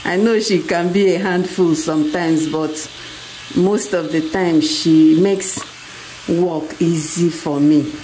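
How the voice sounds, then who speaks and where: A Nigerian woman filming a casual family vlog at home, gently coaxing her child and laughing often. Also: lowish voice, fairly even intonation, takes it slowly, a little hiss or hum, poor audio. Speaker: family vlogger, mother.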